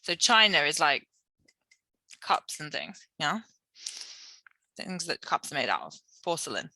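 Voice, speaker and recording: Bright British woman teacher reading aloud. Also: low-pitched, very animated, normal speed, no echo. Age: young adult. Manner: explains words, tag questions like yeah. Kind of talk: reading a children's novel aloud with explanations.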